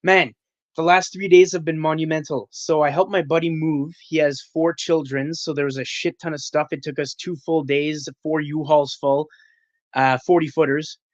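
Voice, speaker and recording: A man's voice: fairly high pitch, fairly even intonation, normal speed, no echo, lo-fi sound. A man from Canada calling into a livestream panel, venting in an agitated, profane way. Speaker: caller, panel guest. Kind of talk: livestream call-in chat. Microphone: video call.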